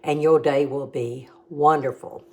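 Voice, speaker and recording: A woman's voice: deep voice, fairly even intonation, unhurried. A middle-aged woman, hosting a casual home cooking demo with chatty, homey explanations and tasting.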